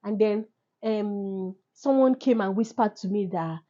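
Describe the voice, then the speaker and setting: A woman's voice: medium pitch, measured pace. A Nigerian woman co-hosting a podcast, telling stories animatedly in casual chat. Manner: animated storyteller with laughs. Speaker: podcast co-host. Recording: dull lo-fi sound.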